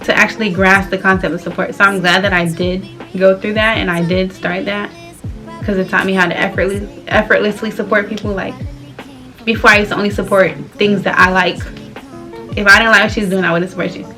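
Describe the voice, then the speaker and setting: Brief: twenties woman from Florida, casual vlog chat, bright voice, faint music under her. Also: mid-range voice, steady tone, brisk. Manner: loose, candid, slangy, laughs often. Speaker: vlogger. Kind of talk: casual chat while doing her hair.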